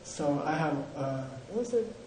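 A man's voice: on the high side, expressive, normal speed, noisy background. A man teaching a language class, drilling pronunciation and joking with his students. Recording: echoey room with class audience.

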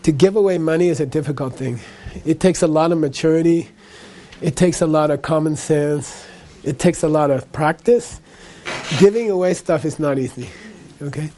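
A man with a high voice teaches a Buddhist class. He talks loosely and conversationally, and he keeps checking in with his listeners. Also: normal speed, warm tone, a little hiss or hum. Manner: conversational, frequent "okay?" and "you know".

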